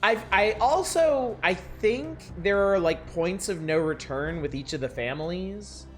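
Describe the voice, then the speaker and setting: A man's voice: high voice, animated, a little slow, soft background music. A man streaming a role-playing game, casually musing through plans with hesitant restarts. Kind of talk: let's-play commentary.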